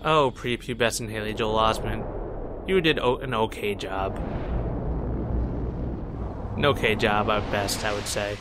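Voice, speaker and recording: A man's voice: lowish voice, steady tone, measured pace, long pauses, background noise. Joking young man narrating gameplay. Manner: joking, rambling, talks back to the game characters. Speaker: let's play host. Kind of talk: casual gameplay commentary. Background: game music.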